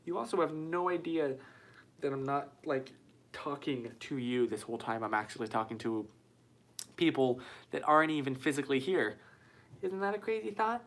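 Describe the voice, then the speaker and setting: A man with a medium-pitched voice and moderate pace hosts a casual live stream from a small white-walled room. Chatty and self-mocking, he reads viewer comments aloud into a phone.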